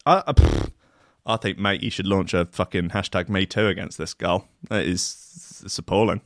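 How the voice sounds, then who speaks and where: A man's voice: low-pitched, moderate pace, creaky, dry recording, studio quality. A man hosting a show, reading odd news with sardonic, mock-outraged asides and lots of filler. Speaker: host. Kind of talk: comic news-reading riff.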